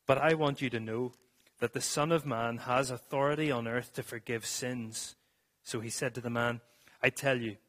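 A man's voice: medium pitch, fairly even intonation, normal speed, fairly bright tone. A man preaching a sermon to a congregation in a church, reading scripture and then explaining it earnestly, with some restarts.

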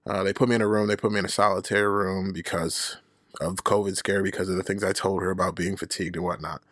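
Talking fast in a low, level voice, this man recounts a personal story on his own podcast with candor and plenty of swearing. He mocks himself and acts out whoever he's quoting; the sound is a bit bright, dry and studio quality.

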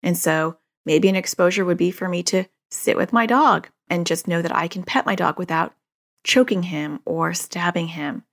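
A woman's voice: fairly low pitch, moderate pace. A woman speaking as a parent educator, explaining a therapy approach in an earnest way, working through concrete examples and repeating her key phrases. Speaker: parent educator on child anxiety.

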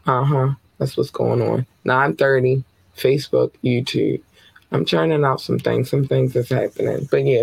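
Gravelly, chatty podcast host man. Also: medium pitch, dry recording. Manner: chatty, affectionate, rambling. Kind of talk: casual podcast shout-outs.

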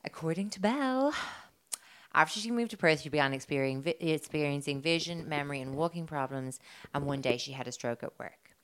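A woman's voice: sits low, lively intonation, brisk. A woman co-hosting a podcast in casual chat, telling a story with giggles and frequent swearing. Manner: chatty, giggly, swears freely.

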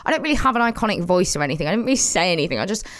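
A woman co-hosting a podcast in casual chat, lively and self-deprecating, laughing a lot. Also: on the low side, very fast. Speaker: co-host.

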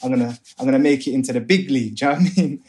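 A man's voice: medium pitch, rapid-fire. A young man, a guest on an interview podcast, telling his story casually and acting out the voices of people in it. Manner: animated, acts out other voices in his stories. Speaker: guest, music A&R manager.

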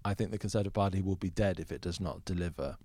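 A man in a podcast interview, answering as a political commentator in a measured, thoughtful way with frequent fillers. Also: low-pitched, mellow, dry recording.

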